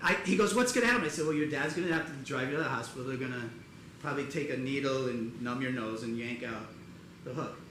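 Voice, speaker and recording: A man performing live storytelling comedy in a theater, animated and acting out other people's voices in loud bursts. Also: mid-range voice, fast talker, a little hiss or hum. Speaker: comedian performing a one-person show. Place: theater stage before a live audience. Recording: echoey theater with audience ambience.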